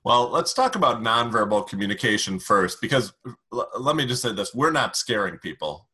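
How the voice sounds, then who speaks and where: A man explaining communication strategy in an interview, calm and emphatic as he gives advice. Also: lowish voice, normal speed, slightly rough. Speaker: communication expert.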